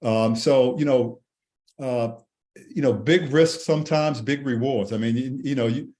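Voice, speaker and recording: A man in his sixties from Washington D.C. tells a childhood story in a podcast interview, animated and full of restarts. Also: medium pitch, unhurried. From Washington D.C. and Maryland, USA. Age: 60s. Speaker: guest, Air Force veteran.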